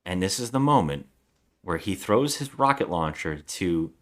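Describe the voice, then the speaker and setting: A man's voice: low-pitched, animated, normal speed. A man co-hosting a podcast, casually recapping a movie plot in a rambling way, acting out quotes and swearing. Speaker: podcast co-host.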